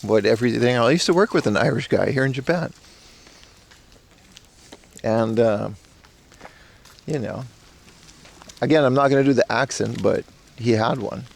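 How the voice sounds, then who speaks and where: Gravelly-voiced man live-streaming outdoors. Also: mid-range voice, normal speed, pauses often. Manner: rambling, slangy, reads chat aloud. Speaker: IRL streamer. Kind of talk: casual live-stream chat. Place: outdoors in a park in Japan.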